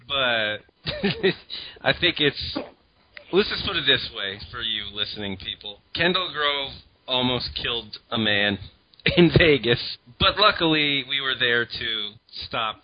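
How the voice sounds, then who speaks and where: A man's voice: mid-range voice, expressive, measured pace, a little hiss or hum. A man hosting a podcast in casual chat, laughing and hyping up his guest. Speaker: podcast host. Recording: dull lo-fi podcast audio.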